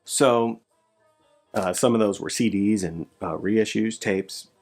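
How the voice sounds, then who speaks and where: A male record collector chats through his recent finds in a casual vlog. He gets excitable, his voice leaping up when he is thrilled before settling back low. Faint music plays quietly behind him. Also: slow. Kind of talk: casual show-and-tell vlog.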